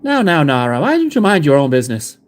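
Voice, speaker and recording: A man's voice: a little high, huge pitch swings, fast talker. A man doing a put-on Irish accent, playing a cheeky, scolding Irishman with an over-the-top sing-song lilt.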